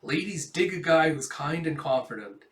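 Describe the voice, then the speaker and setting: A man voicing a gruff, grumbling adult man who talks in a streetwise way, recorded from a distant mic in a roomy space. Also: a little high, animated, normal speed, close to an everyday voice. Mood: cocky.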